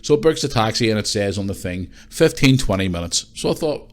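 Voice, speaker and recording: A man's voice: fairly low pitch, expressive, a little fast, few pauses. A man from Northern Ireland with a Northern Irish accent, hosting a podcast and rambling through a story with constant swearing. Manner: rambling, swears a lot, frequent restarts. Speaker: podcast host. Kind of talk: casual storytelling monologue.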